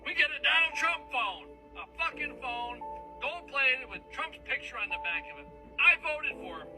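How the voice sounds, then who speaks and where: A man's voice: very high voice, animated, normal speed, music in the background, rough recording. A man in an angry rant, furious, sarcastic and cursing.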